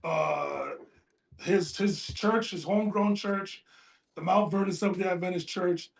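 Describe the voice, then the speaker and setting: A man's voice: high-pitched, fairly even intonation, measured pace. A man co-hosting a casual sports talk show, speaking earnestly and from the heart. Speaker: podcast co-host. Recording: roomy echo.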